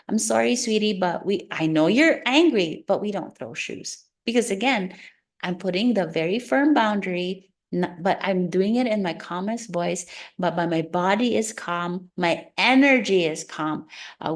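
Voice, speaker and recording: Animated woman educator on a video call. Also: medium pitch. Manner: animated, acts out children's and parents' lines. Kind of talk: talk on child emotional regulation. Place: online meeting room.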